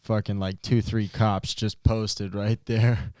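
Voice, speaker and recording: A man's voice: on the low side, little pitch movement, slow, dark tone, no echo, clean studio sound. A young man co-hosting a podcast, joking around in loose, profane banter. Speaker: podcast co-host. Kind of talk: casual chat.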